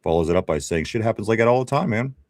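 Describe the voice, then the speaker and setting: Male sports podcast host, Pittsburgh accent, lowish voice, casual, laughs a lot. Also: expressive, very fast, a little mellow, no echo, studio quality. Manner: chatty, laughs often, many restarts. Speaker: podcast host reading live chat.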